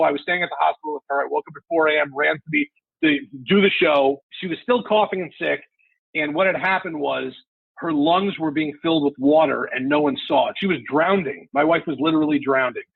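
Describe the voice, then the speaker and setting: A sports radio host in his forties, guesting on a podcast, shares a personal story with candid emotion and the occasional curse. His gravelly, husky voice sits a bit high for a man and moves a little fast. The lo-fi call audio is dry and tinny, like a phone line, with no room sound.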